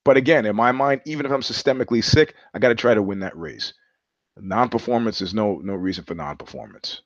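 A man's voice: lowish voice, fast, no echo. A man hosting his own live-stream show, talking in a wry, rambling way and laughing often. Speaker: host. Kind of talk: solo live-stream monologue. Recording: slightly dull live-stream audio.

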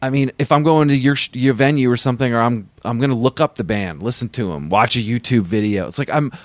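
A man's voice: mid-range voice, no echo. A man hosting a podcast, musing in a casual interview and often restarting his sentences. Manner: rambling, halting, restarts thoughts. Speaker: podcast host.

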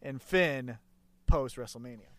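A man's voice: mid-range voice, measured pace, a bit bright, no room sound, clean studio sound. A man co-hosting a wrestling podcast, chatting casually and joking with crude trash talk. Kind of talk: casual chat.

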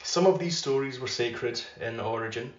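Male podcast host doing an unhurried literary reading, mid-pitched voice, roomy and slightly muffled recording. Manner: measured, unhurried reading; loose and filler-heavy when chatting.

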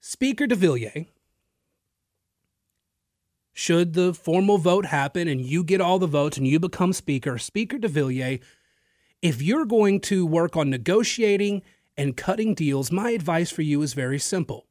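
A man's voice: a little high, lively intonation, moderate pace, a little mellow, no room sound, studio quality. A male radio talk show host giving an emphatic, opinionated political monologue straight to his listeners, with the odd filler and repeated word. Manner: occasional filler and repeated words. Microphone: studio microphone.

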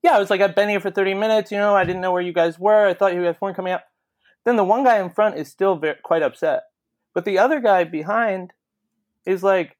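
A man's voice: high-pitched, brisk. A man telling a long story in casual podcast chat, swearing freely and acting out the people he quotes. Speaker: podcast co-host.

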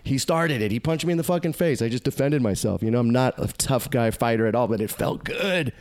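Profane, animated male storyteller. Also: medium pitch, brisk. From United States. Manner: animated, profane, acts out quoted voices. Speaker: podcast guest. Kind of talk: casual storytelling.

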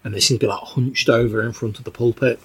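Man, game master, casual narration, husky voice, loose filler-heavy delivery. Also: medium pitch, steady tone, fast.

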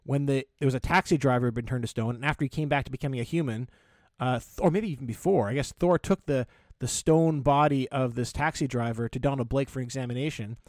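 A man co-hosting a casual podcast chat, talking in halting bursts with many stammered restarts. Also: mid-range voice, darkish tone, no echo, studio quality. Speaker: podcast co-host.

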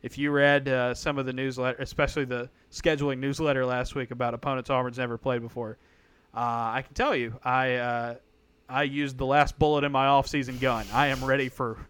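A man co-hosting a casual sports podcast, talking in an animated, sarcastic way with mock-outraged asides. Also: mid-range voice, fairly quick, smooth. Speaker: podcast co-host.

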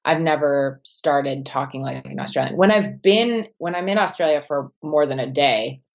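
A woman with a softened American Wisconsin accent, talking casually as a podcast guest with low, unsung intonation. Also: moderate pace, creaky, muffled recording. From Wisconsin, United States. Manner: low, not sing-songy intonation. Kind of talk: casual conversation.

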